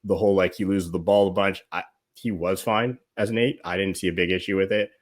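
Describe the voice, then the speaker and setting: A man speaking as a guest on a casual football chat, animated and rambling, often saying "like" and laughing. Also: low-pitched, fairly quick. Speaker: guest pundit.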